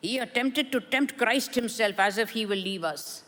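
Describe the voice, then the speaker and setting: A woman preaching a sermon with a personal testimony, earnest and measured, with emphatic rises. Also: on the high side, a bit bright, long reverb tail. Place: church.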